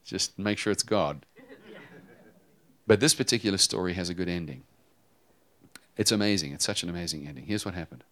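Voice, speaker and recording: A man preaching a sermon, telling a personal story with animated swings between loud emphasis and hushed tones. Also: sits low, fairly quick, pauses often. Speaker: pastor.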